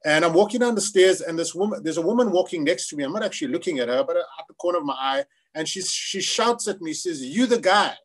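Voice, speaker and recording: Man from South Africa, interview guest, lively storytelling, mic voice on the higher side. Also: fast, few pauses. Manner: animated storyteller, acts out quoted voices. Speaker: screenwriter guest.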